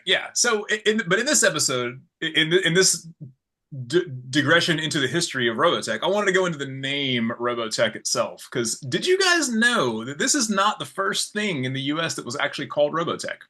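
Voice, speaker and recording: A man co-hosting a casual podcast, telling stories with lively quoted voices. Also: fairly high pitch, a little fast. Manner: animated storyteller, acts out quoted voices. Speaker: podcast co-host. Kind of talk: casual chat.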